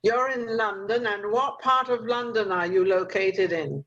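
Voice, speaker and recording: A woman's voice: medium pitch, measured pace, a bit bright, lo-fi sound. An older woman hosting a talk show over a video call, giving rambling, motherly advice with lots of fillers. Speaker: host.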